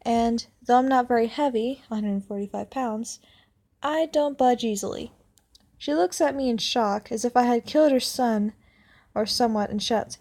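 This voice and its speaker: Young woman, slightly high voice, story reader who stumbles and self-corrects. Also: moderate pace, darkish tone. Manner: stumbles and corrects herself while reading. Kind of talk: reading online stories aloud.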